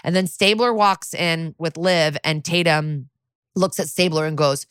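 A woman's voice: sits low, lively intonation, a bit bright, dry recording, clean studio sound. Chatty woman recapping a crime show. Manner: chatty, profane, acts out quotes in quick voices. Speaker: podcast co-host. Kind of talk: casual episode recap.

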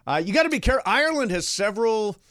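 A sports radio co-host with a high, bouncy voice that leaps all over. He is enthusiastic and jokey, and the sound is dry and close. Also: sing-song, rapid-fire, fairly bright tone, no echo. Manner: enthusiastic, joking. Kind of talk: casual sports radio banter.

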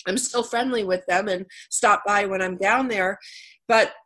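A woman's voice: medium pitch, unhurried, a bit bright. A middle-aged woman hosting a radio talk show, who has a cold and tells stories chattily, laughing often. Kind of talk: casual interview chat.

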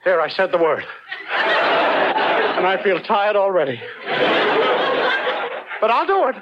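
A lazy, wisecracking boyfriend. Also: male voice, sits high, sing-song, takes it slowly, dull audio, exaggerated voice. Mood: sly. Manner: wisecracking, sly. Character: lazy, work-shy boyfriend. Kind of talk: 1940s radio comedy acting. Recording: scratchy old radio recording.

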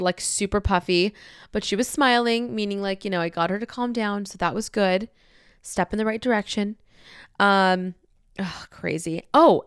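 A woman's voice: medium pitch, clean tone, dry recording, studio quality. A woman hosting a podcast in a casual, rambling, candid chat, swearing freely. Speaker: podcast host.

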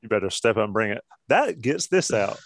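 A man's voice: fairly low pitch, very animated, fairly quick, vocal fry, no echo, studio quality. A man hosting a casual sports talk show, joking and steering the conversation. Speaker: podcast host.

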